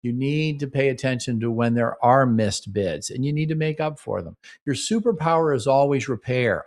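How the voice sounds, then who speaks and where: A man's voice: medium pitch, normal speed, hardly any pauses. A middle-aged man hosting a relationship advice show, speaking earnestly and acting out little sample conversations between partners. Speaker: relationship talk show host. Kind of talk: radio-style advice talk.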